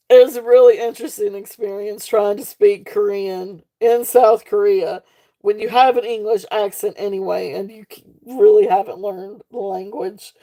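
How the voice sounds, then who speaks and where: A woman's voice: medium pitch, mellow. A woman with a Southern accent hosting a live jewelry sale, chatting casually and rambling off on tangents, laughing often. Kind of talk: casual live-stream selling chat.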